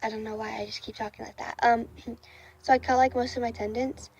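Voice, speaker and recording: A woman's voice: a little high, level tone, fairly quick, a little mellow, slightly rough, highs cut off. Rambling young woman vlogger, filler-heavy. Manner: rambling, many fillers and restarts. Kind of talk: casual storytime. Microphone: camera facing speaker.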